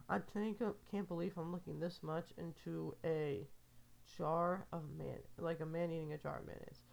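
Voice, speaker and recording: Young woman, gravelly, lower voice, rambling, lots of fillers, casual podcast chat. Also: darkish tone. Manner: rambling, filler-heavy, amused.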